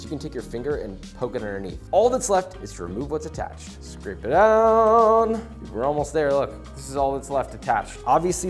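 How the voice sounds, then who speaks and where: Lively, playful man teaching a recipe. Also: fairly high pitch. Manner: playful, jokey asides while instructing; confident, opinionated. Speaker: cooking video host. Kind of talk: recipe tutorial talk.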